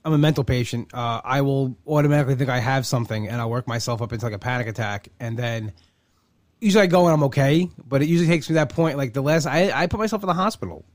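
A man's voice: mid-range voice, expressive, fast, dry recording, clean studio sound. A man hosting a casual conversation, telling rambling, self-deprecating stories.

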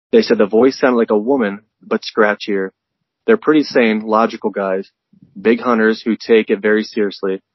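Laid-back low-voiced man, casual podcast. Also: no echo, dull audio. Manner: swears freely, laid-back storytelling. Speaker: podcast co-host. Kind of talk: casual chat and story reading.

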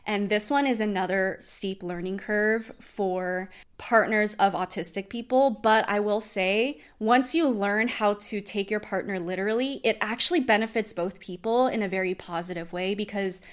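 A woman's voice: mid-range voice, normal speed, hardly any pauses, clean tone. A young woman coach talking earnestly and expressively in a personal vlog, explaining at length. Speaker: self-empowerment coach.

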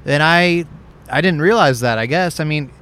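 A man's voice: on the high side, normal speed, fairly bright tone, clean tone. A young man hosting a podcast outdoors, chatting casually in a rambling, candid way. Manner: rambling, candid, self-correcting. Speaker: podcast host. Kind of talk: casual chat. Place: outdoors overlooking a racetrack.

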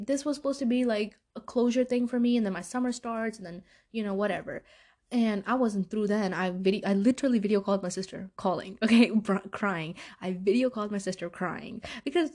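A young adult woman vlogging a casual storytime, lively, acting out her own past lines. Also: mid-range voice, fast talker. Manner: animated, acts out her own past dialogue.

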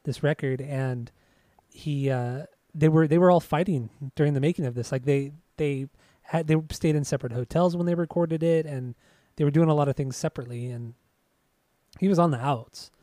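Teasing podcast dude, kinda high voice, dry mic, super casual. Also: male voice, normal speed, dark tone, no echo. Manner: laid-back, teasing, laughs often. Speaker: podcast co-host. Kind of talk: casual chat about music.

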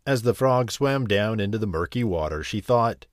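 A man hosting a bedtime story channel, reading a fairy tale gently. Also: fairly low pitch, expressive, normal speed, few pauses, dry recording, clean studio sound. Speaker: storyteller host.

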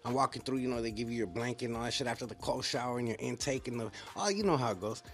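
Fast-talking man host. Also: medium pitch. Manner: animated street slang storytelling. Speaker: podcast host. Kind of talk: casual interview chat.

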